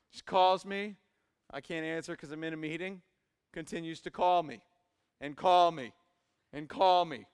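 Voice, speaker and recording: Young man, pastor, sermon, fairly high voice, loud emphatic bursts, long church reverb. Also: normal speed, pauses often, smooth. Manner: dynamic preaching, rising to loud emphatic peaks. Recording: hall reverb.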